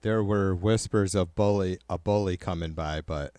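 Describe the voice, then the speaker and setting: A man's voice: low voice, moderate pace, mellow, dry recording. Profane, heated man ranting on a livestream. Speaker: livestream host. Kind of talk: casual livestream chat.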